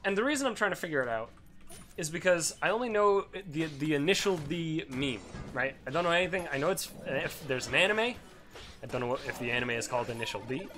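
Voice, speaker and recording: A young man hosting a let's play, rambling through casual gameplay commentary, swearing freely with excitable bursts. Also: fairly high pitch, a little fast, faint music behind.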